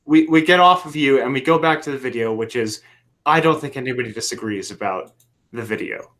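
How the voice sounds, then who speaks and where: A man's voice: medium pitch, brisk, a bit bright. A man from Canada on a voice-chat call, arguing in a pointed, insistent and profane way. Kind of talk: heated argument.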